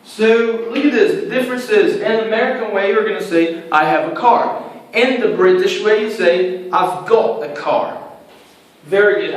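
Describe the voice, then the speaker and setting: A male teacher walks through a whiteboard grammar lesson, repeating each example slowly. His voice sits high, and it reaches the distant mic with heavy room echo. A faint hum of noise runs underneath. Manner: slow, repetitive, explaining step by step. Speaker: English teacher. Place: room with a writing board.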